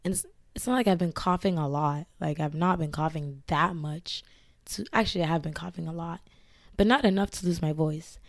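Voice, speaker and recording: A young woman hosting a casual podcast, hoarse from losing her voice to illness, rambling with lots of fillers. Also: deep voice, brisk, no room sound, studio quality. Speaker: podcast host. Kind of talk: casual chat. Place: indoors, filmed for a video podcast.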